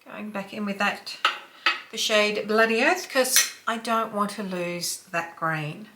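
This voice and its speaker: An Australian woman in her fifties chatting through a makeup tutorial, sometimes dropping to a soft whisper while she blends. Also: mid-range voice, slow pace, background noise. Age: 50s. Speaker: beauty vlogger.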